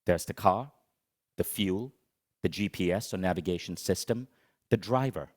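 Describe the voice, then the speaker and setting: A middle-aged man giving a motivational talk on stage, telling a comic story in an animated, dramatic, self-mocking way. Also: low voice, moderate pace. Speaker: motivational speaker.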